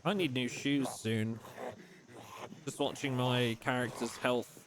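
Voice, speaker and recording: A young man chatting casually while streaming a survival game, reading chat aloud and thinking out loud. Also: mid-range voice, fairly even intonation, takes it slowly, heavy background noise. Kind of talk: casual live-stream commentary.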